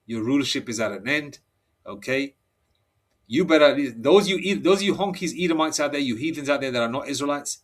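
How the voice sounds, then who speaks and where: Man, solo preacher; rambles, restarts, reads scripture slowly, flares up hot. Mid-pitched. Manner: excitable, heated outbursts. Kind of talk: solo religious monologue.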